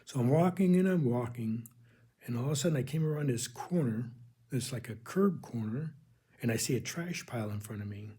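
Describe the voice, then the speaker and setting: A man's voice: medium pitch, expressive, fairly quick, mellow, a little hiss or hum. A man earnestly telling his personal faith testimony, rambling and calling his listeners "folks". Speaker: religious channel host.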